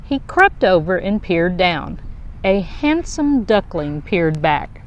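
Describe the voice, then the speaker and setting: A woman reading a children's picture book aloud in a slow, expressive storytelling voice. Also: on the low side, dull audio.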